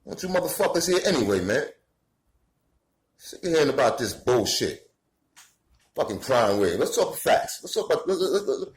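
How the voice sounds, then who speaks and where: A man's voice: mid-range voice, reverberant, low-quality recording. A man from the Bronx with a New York accent, delivering a profane, heated rant to camera. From New York City, the Bronx. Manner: swearing, heated, rising to shouts. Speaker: commentator.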